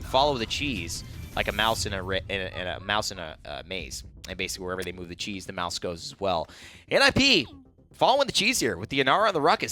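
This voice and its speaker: Bright, playful male esports caster. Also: medium pitch. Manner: joking, animated banter that shifts into quick analysis. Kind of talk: live esports commentary.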